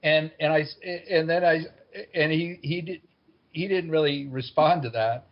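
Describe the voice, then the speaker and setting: A man's voice: fairly high pitch, moderate pace. A man telling a personal story in a wry, conversational way. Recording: dull lo-fi recording.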